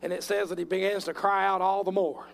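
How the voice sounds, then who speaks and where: High-voiced impassioned preacher man. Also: flat delivery, fast, gravelly. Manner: impassioned, acts out bible voices. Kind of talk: sermon.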